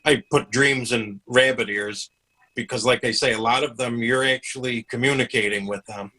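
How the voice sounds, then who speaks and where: Guy hosting an interview, bright forceful voice, chatty explainer. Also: mid-range voice, steady tone, normal speed, rough recording. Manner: explanatory, chatty, repeats words. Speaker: host. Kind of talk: conversational interview.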